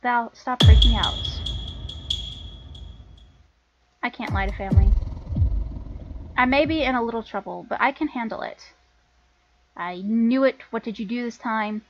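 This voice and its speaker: A woman's voice: on the high side, normal speed, long pauses, highs cut off, a little hiss or hum, close to an everyday voice. A woman voicing a rebellious young woman scavenger who answers her family back with defiance and sarcasm. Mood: defensive.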